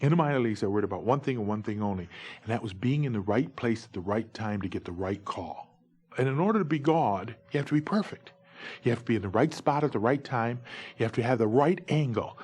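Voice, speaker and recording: Middle-aged man from New York State, husky voice, mid-range pitch, animated storyteller who voices the other people in his tales. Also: fast talker. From New York State, USA. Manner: animated, acts out dialogue with big pitch jumps. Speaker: former umpire telling his stories. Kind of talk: anecdotal storytelling.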